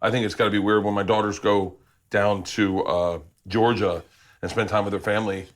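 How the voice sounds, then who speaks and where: A man hosting a comedy cooking show, narrating his recipe and bantering loudly with plenty of swearing. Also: on the low side, level tone, fairly quick. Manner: loud, profane, laughing banter. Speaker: show host. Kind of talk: casual chat while cooking.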